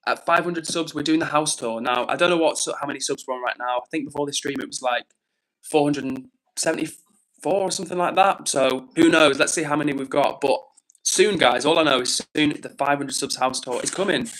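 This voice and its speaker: An upbeat young man, talking casually on his live stream. His voice sits a little higher than most men's, and he reads out chat messages in a chatty, slang-filled way. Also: fairly bright tone. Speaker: livestreamer.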